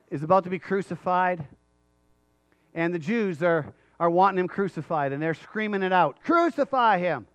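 Pastor, male, slightly high voice, earnest preaching, dry close sound. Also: a bit bright, no room sound. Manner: earnest preaching, pauses to read scripture aloud. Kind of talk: sermon.

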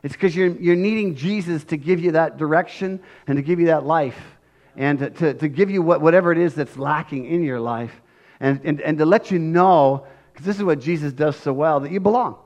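Male pastor, high pitch, earnest sermon delivery that swells when pleading. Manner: earnest, swells loud and slows when acting out pleas.

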